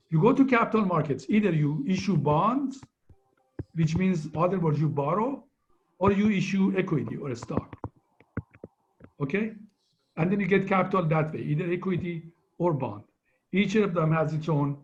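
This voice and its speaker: Male lecturer on muffled call audio. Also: high voice. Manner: conversational, keeps asking "right?". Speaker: finance lecturer. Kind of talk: online lecture review.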